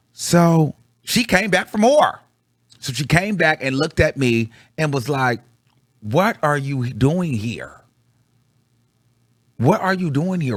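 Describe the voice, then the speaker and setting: A man telling a story to his viewers in slangy, casual chat, swinging from low mutters to high excited bursts. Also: dry recording, studio quality. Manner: slangy, calls the audience girl. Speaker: vlogger reviewing a concert.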